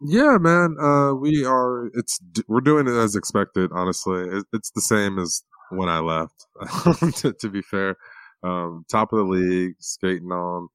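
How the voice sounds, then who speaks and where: A man appearing as a guest on a sports podcast, answering in a relaxed, laid-back way. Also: lowish voice, a little slow, clean tone, no echo, clean studio sound. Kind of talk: casual sports chat.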